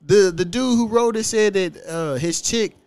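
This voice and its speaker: A man in his thirties, hosting a casual podcast and talking in a profane, animated way with frequent laughs. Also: sits high, moderate pace, smooth, dry recording. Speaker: podcast host.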